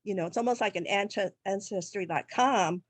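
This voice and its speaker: A woman's voice: medium pitch, moderate pace, dry recording. A woman on a video call asking an eager, rambling question in a casual chat. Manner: eager, talkative, run-on sentences. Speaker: webinar audience member asking a question.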